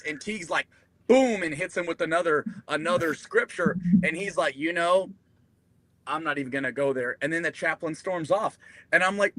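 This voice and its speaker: A man's voice: a little high, normal speed. A man, a military veteran, casually telling a profane war story and acting out the people in it. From United States. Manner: profane, animated, acts out quoted voices. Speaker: podcast guest, Marine veteran.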